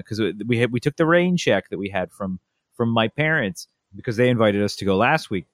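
A young man telling family stories in a relaxed chat, acting out a toddler's lines with lots of energy. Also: fairly low pitch, no room sound, clean studio sound. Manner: animated storyteller, acts out a toddler's voice. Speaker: podcast co-host. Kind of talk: casual storytelling chat.

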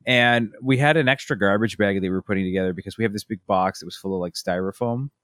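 A man in his thirties co-hosts a relaxed chat, his voice sitting low and recorded close and dry. He tells family stories with energy, jumping into quoted voices along the way. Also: fast talker, no echo. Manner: animated storytelling, acting out his family's lines. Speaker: podcast co-host. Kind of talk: casual chat.

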